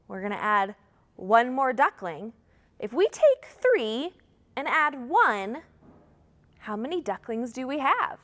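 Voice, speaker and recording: A woman's voice: on the high side, very animated, slow, fairly bright tone, long reverb tail. A woman librarian leading a storytime for toddlers, singing songs and talking to children and their grown-ups in a sing-song, encouraging way.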